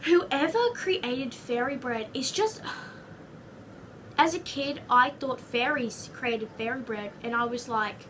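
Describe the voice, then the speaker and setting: A young Australian woman talks to her camera in a high, bright voice, rambling from one goofy aside to the next. She sits a little back from the mic, and faint room noise hangs behind her. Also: slow, distant mic. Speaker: vlogger. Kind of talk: casual chatty vlog.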